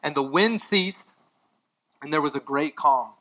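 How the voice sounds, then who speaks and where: A man preaching a sermon in a bright, forceful voice pitched a little high. He swings from emphatic lines to hushed ones and drops in casual asides with light laughs. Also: a little slow, rough recording. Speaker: pastor.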